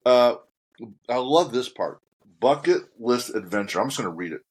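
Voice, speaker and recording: A man's voice: medium pitch, expressive, moderate pace, slightly rough. Easygoing male podcast host. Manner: joking, easygoing, chuckles. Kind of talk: casual interview chat.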